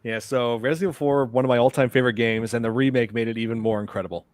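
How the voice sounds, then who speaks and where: A man's voice: mid-range voice, fairly even intonation, racing, darkish tone, dry recording. Rambling male podcast host, dry sound. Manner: rambling, lots of "like" and "uh". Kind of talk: casual podcast chat.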